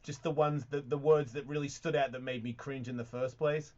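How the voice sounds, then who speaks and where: A man's voice: mid-range voice, steady tone, brisk, a little mellow. A man hosting a radio talk show, chatting in a loose, rambling way with plenty of swearing. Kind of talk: casual chat. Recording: dull lo-fi radio studio sound.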